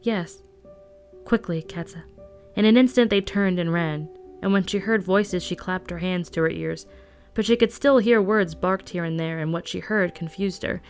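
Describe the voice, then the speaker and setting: A woman reading a novel aloud at a steady storytelling pace. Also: on the low side, moderate pace, faint music behind. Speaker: audiobook reader. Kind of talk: scripted narration.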